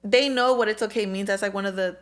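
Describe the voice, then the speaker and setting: Young woman, candid casual talk, animated storytelling, lots of "like" and "dude", mid-pitched voice, podcast co-host. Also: fast talker. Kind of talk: casual chat.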